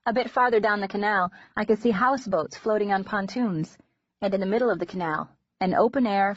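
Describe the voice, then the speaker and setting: Woman narrating an audiobook, measured. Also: medium pitch, no room sound. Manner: measured, gentle storytelling. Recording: dull lo-fi recording.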